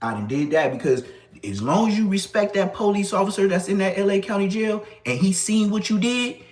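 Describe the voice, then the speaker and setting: A man's voice: sits high, animated, brisk, a little mellow, roomy sound. A man in his thirties telling stories in casual street slang, acting out other people's lines as he goes. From Los Angeles area. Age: 30s. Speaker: storyteller. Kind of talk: casual storytelling.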